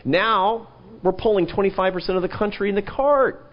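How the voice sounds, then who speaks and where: A man in an interview, an animated storyteller who jumps up in pitch when quoting people. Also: moderate pace. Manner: animated storyteller, rises sharply in pitch for quoted lines. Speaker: interview guest, think-tank president. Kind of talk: conversational interview. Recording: dull lo-fi event recording.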